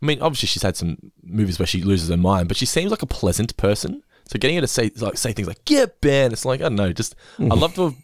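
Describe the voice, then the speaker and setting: A man hosts a casual podcast in a low, lively voice. He rambles and laughs as he talks, recorded dry. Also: fast talker, few pauses, no room sound. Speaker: podcast host. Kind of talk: casual chat recapping an episode.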